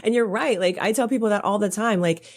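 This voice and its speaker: A woman's voice: mid-range voice, fast. A woman coach speaking as a podcast guest, earnest and reassuring, explaining her ideas with examples. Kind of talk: casual interview chat.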